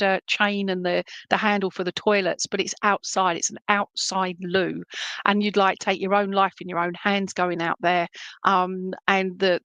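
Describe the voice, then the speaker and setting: Gravelly-voiced woman medium. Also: mid-range voice, fairly bright tone, no echo. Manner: chatty, rambling, reassuring, keeps checking in with the listener. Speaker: spiritualist medium. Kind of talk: live clairvoyant reading.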